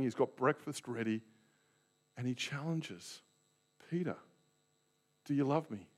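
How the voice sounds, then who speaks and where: Animated preacher. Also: male voice, medium pitch. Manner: dramatic storytelling preacher, acts out scenes. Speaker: Baptist pastor. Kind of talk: sermon.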